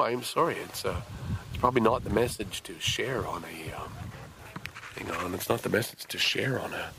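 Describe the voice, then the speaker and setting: A man hosting a show, delivering an angry, impassioned solo monologue full of halting restarts. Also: on the low side, vocal fry, noisy background. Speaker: show host.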